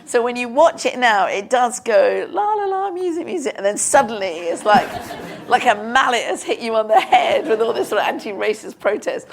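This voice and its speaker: A woman in her fifties from Britain, a film director telling animated anecdotes onstage in a live interview, acting out quotes and laughing. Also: fairly high pitch, moderate pace, vocal fry. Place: live stage before an audience.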